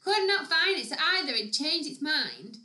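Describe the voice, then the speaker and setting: A woman, co-hosting a podcast and telling a story in quick, chatty talk. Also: sits high, very animated, bright, forceful tone, reverberant. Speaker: podcast co-host. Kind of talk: casual chat.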